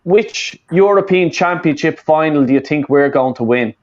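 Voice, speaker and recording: A man's voice: a little high, expressive, normal speed, highs cut off. A man, hosting a casual football fan chat, rambling and swearing with lots of fillers and restarts. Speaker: fan channel host.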